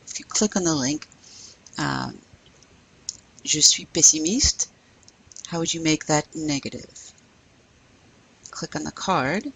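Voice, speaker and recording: A middle-aged woman teaching a recorded French lesson, patiently explaining step by step and saying French phrases slowly for her students. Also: low voice, vocal fry, a little hiss or hum, rough recording.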